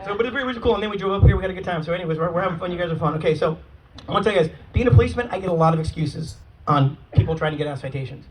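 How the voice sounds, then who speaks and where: A man in his forties telling brash, profane stand-up stories in an animated way. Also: high voice, racing, background noise. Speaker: stand-up comedian. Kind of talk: stand-up storytelling. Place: live comedy venue. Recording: distant mic with a crowd, comedy club.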